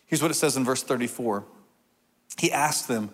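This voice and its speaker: A man preaching a sermon as a pastor, earnest, slowing down and dropping to a soft voice to repeat key lines. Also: medium pitch. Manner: earnest, with slow emphatic repetitions and soft drops for key lines.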